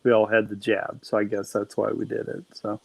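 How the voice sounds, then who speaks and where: A man's voice: lowish voice, completely flat delivery, a little fast, creaky, darkish tone, breathy edge, dry recording, rough recording. A man, co-hosting a livestream in playful, folksy banter. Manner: playful teasing, folksy drawl. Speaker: livestream co-host. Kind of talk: casual livestream chat.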